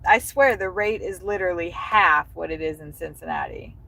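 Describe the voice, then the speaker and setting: A woman's voice: on the low side, moderate pace, creaky, poor audio. A woman livestreaming from behind the wheel as a delivery driver, chatting casually and rambling, with profane road-rage outbursts. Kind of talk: casual livestream chat while driving. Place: inside a car in city traffic. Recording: loud road and engine noise.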